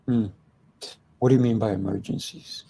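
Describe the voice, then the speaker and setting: A man hosting an interview, mostly giving short reactions and asking unhurried questions. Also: on the low side, fairly even intonation, dark tone, slightly rough. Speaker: interview host.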